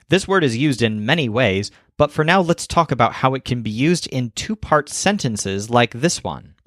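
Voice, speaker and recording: A man narrating a scripted language lesson, explaining clearly and slowing down for example phrases. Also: mid-range voice, fairly bright tone, no room sound, clean studio sound. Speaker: language teacher.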